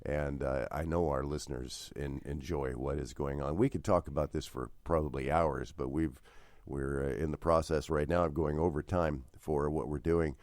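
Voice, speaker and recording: Deep-voiced halting podcast host man. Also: fairly even intonation, darkish tone, no room sound, clean studio sound. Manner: halting, rambling with many fillers. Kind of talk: casual podcast chat.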